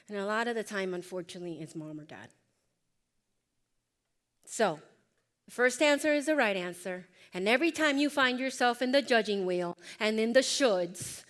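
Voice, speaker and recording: A woman presenting a workshop, speaking emphatically and directly to her audience as she coaches them. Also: a little high. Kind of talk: motivational workshop talk.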